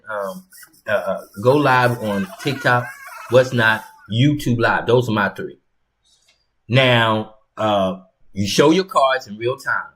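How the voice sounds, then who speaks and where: Man host, casual rambling delivery, repeats himself, slangy, mid pitch. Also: a bit bright. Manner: rambling, repetitive, conversational with slang. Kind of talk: casual instructional monologue.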